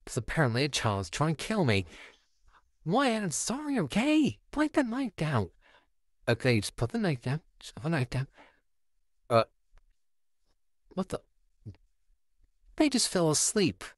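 A performer acts out a male puppet neighbor babysitting a child, sarcastic and easily rattled, in a home-made fan audio drama. His pitch leaps all over the place while the delivery stays slow and drawn out. The recording is close and dry, made at home. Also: no room sound. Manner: sarcastic, easily flustered, wildly swinging pitch.

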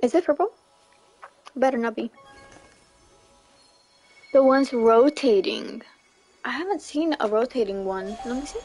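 Young female streamer, high and unhurried, chatty with squeals of excitement, faint game music underneath. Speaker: livestreamer. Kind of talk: casual gameplay livestream chat.

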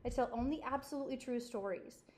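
A woman's voice: high voice, fast, darkish tone, a little hiss or hum, natural voice. A woman voicing a confident, self-assured schoolgirl who tells stories to her class, in a storybook reading.

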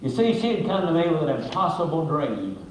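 A man's voice: fairly high pitch, very animated, a little fast, a little hiss or hum. Folksy, emphatic man telling a story. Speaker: motivational speaker. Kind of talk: storytelling talk. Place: video played in a church. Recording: very echoey video played in a hall.

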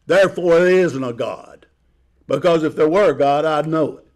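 Man putting on a scornful king of old, sure he knows everything, a bit loud, raised voice. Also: fairly high pitch, normal speed, lightly acted. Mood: boastful. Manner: scornful, self-assured. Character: arrogant, boastful male Egyptian king.

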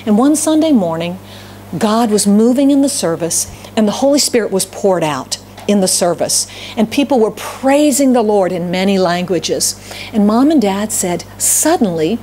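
A woman's voice: mid-range voice, lively intonation, moderate pace, dark tone, slight background noise. A middle-aged woman pastor with a Southern US accent, preaching a sermon and telling stories, often repeating phrases for emphasis. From Southern United States.

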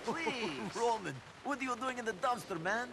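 An actor playing a dry, sarcastic immigrant in a video game, speaking. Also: male voice, extremely high pitch, normal speed. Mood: steady, exasperated. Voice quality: sarcastic, deadpan. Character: Eastern European male immigrant, dry and sardonic. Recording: game audio with loud background noise.

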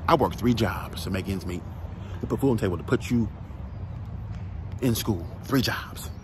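A man's voice: on the low side, moderate pace, noisy background, pitched below the performer's own voice, lightly acted. A man quoting his stern, insistent mother, who gives her grown son firm orders and repeats them.

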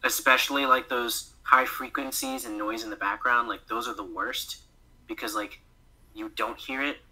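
A male voice actor talks on a podcast in a very bright, forward voice at a middling pitch. He chats loosely and often laughs, filling his speech with "like" and acting out little quoted thoughts. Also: fairly even intonation, moderate pace, rough recording. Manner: chatty, laughs often, fills with "like". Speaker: guest voice actor. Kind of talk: casual podcast chat.

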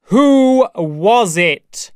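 A man voicing a stern, commanding male scientist who rules over beast-people, speaking slowly and loudly. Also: a little high, clean tone, no echo, studio quality, close to an everyday voice. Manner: loud, slow, imperious commands.

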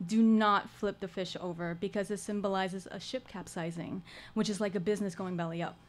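Woman storyteller on stage, dry funny asides, mid-pitched voice, slight hiss in the background. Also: steady tone, fairly quick. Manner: wry, humorous, dry asides. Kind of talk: live storytelling performance. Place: stage at a live storytelling showcase.

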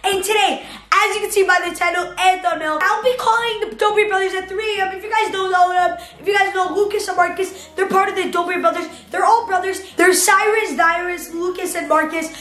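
Hyped kid YouTuber with a very high voice. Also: fairly even intonation, a little fast, few pauses, fairly bright tone. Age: child. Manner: hyped, breathless, repeats "guys" and "oh my God". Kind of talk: excited vlog with a screen-recorded texting prank. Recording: roomy echo with faint background music.

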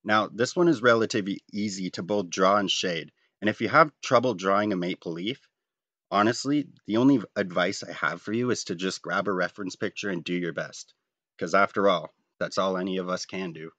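A man's voice: deep voice, a little fast, a bit bright, no echo. A man, talking casually and jokingly while drawing a comic, rambling and self-deprecating. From Canada. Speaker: comic artist.

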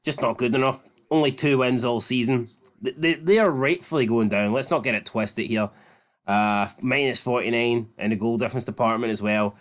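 A man's voice: medium pitch, moderate pace. Blunt sweary Scottish man. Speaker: football show co-host. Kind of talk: casual football chat.

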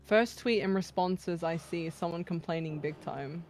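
A woman's voice: lowish voice, normal speed, darkish tone, soft background music. A young woman from the UK chatting casually on a live stream, reading chat aloud, with sudden shrieks of laughter. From United Kingdom.

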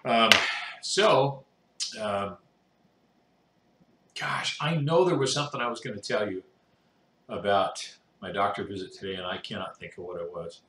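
A man's voice: fairly low pitch, unhurried, pauses often, a bit bright, a little hiss or hum. A man chatting casually to his viewers. He rambles with many fillers, and he is exhausted and yawning. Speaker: video blogger with cancer. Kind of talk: casual chat to camera. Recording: roomy echo.

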